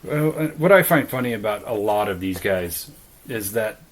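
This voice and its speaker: Blunt, low-voiced podcast guy. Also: lively intonation, moderate pace, rough recording. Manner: blunt and profane, mocks with put-on quotes. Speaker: podcast co-host. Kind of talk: casual chat.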